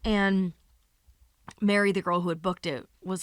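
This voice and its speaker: A woman comedian hosting a podcast, spinning a long, animated, profane anecdote in casual chat. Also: mid-range voice, measured pace, no echo.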